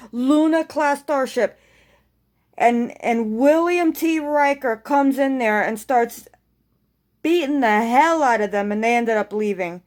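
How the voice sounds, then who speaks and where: Excited swearing woman recapping an episode. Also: fairly high pitch. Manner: excited, rambling, swears freely. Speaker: TV episode reviewer.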